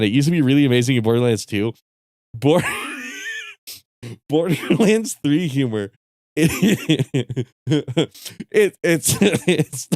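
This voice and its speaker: A man on a stream tells a story in a loose, profane rant, breaking into laughter again and again. His pitch jumps up and down with plenty of life, and the sound is dry with no room around it. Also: no room sound. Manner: profane, laughing often, animated.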